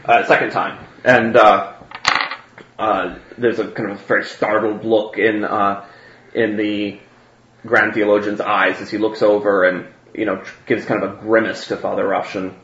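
A man's voice: lowish voice, level tone, moderate pace, a bit bright. A man narrating as game master, hesitant and full of fillers. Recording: roomy, dull, faint noise.

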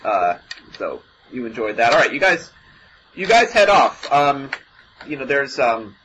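A man running a tabletop game as game master, narrating in a halting way with many restarts. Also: mid-range voice, very animated, fairly bright tone. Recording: dull lo-fi mic, faint noise.

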